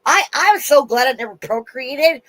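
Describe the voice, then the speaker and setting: With a high, slightly bright voice and lively intonation, this woman vlogger launches into an angry, heavily profane rant full of quick restarts and sentences that trail away. The recording is rough but has no echo.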